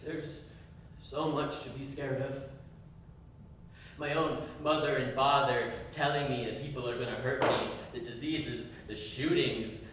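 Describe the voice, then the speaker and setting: A young man performing a dramatic solo monologue, moving between quiet hurt and loud anger. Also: mid-range voice, steady tone, measured pace, noisy background. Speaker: stage performer. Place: university performance space. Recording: very echoey room, mic far off.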